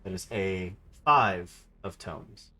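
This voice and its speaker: A man's voice: low-pitched, slow pace, pushed and bright. Man running a tabletop game. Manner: matter-of-fact rules calls. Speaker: game master.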